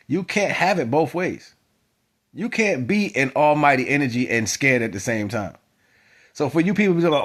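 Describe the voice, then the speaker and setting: A man giving a spiritual monologue to his viewers, moving from quiet musing to loud, emphatic exhortation. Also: on the high side, sing-song, normal speed. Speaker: spiritual vlogger. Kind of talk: preaching monologue to camera.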